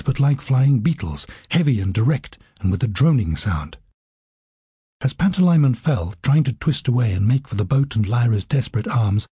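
A man narrating an audiobook in a steady, vivid storytelling manner. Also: medium pitch, breathy edge, no echo, clean studio sound.

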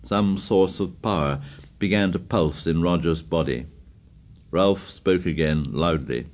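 A man reading a novel aloud in steady, scripted narration. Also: low voice, measured pace. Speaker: audiobook narrator.

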